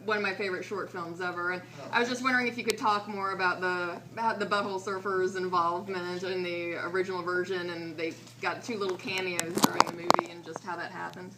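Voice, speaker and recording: A woman's voice: on the low side, flat delivery, quick pace, hardly any pauses, bright, forceful tone, poor audio. A woman in the audience eagerly asking a long question as a fan.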